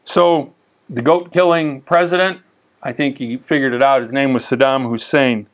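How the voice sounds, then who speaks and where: A man teaching the Bible in a casual, conversational way, telling stories with lively asides and frequent restarts. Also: mid-range voice, normal speed.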